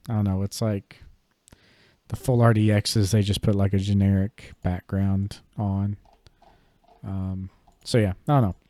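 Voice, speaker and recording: A man with a mellow, somewhat low voice talks casually on a podcast, rambling through his thoughts with plenty of fillers. The sound is dry and close, with no room around it. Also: dry recording. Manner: relaxed, rambling, many fillers and hedges. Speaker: podcast co-host. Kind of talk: casual chat about collectible cards.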